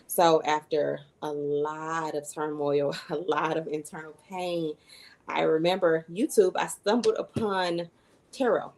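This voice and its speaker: A woman's voice: low voice, steady tone, a little slow, a little mellow, low-quality recording. A woman in her thirties, a guest coach, earnestly telling her personal story in an interview, with fillers and little self-quotes. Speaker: guest, human design coach and astrologer.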